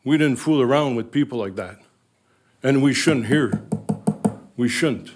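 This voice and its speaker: A retired man in his sixties with a Northern Ontario accent, giving an emotional, halting public comment at a council meeting. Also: medium pitch. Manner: emotional, halting, repeats words. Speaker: resident speaking at council meeting.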